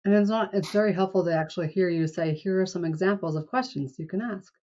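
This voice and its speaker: A woman hosting an interview podcast, responding with encouraging, warm comments. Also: on the low side, fast, highs cut off. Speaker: podcast host.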